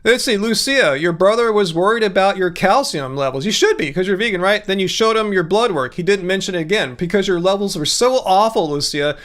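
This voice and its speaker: A man hosting a livestream, answering chat with sarcastic, deadpan mock agreement and halting restarts. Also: sits high. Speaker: livestream host.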